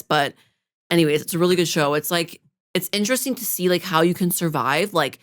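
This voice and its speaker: A woman's voice: fairly low pitch, quick pace. A woman co-hosting a podcast in casual chat, rambling with lots of fillers and casual swearing. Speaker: podcast co-host.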